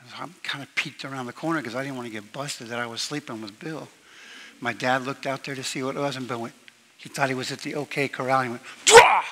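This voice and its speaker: Long reverb from a large church hall colors this memorial speech, where a younger brother tells personal stories about the deceased. Halting, full of fillers and restarts, he speaks at medium pitch in a sharp tone with a slip of Southern US accent.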